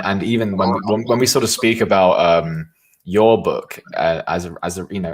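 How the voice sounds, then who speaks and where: Pria bersuara sangat rendah, pelan. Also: male voice, sits low. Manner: soft-spoken, hesitant, many fillers. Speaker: host. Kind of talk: casual conversational interview.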